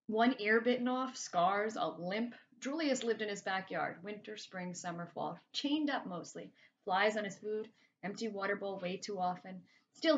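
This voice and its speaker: A woman reading a children's novel aloud, her delivery loose and chatty, like someone telling her own story. Her voice sits at a middle pitch for a woman. The recording is a bit muffled and lo-fi. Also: fairly bright tone, a little hiss or hum. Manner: casual, chatty first-person storytelling. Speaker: reader.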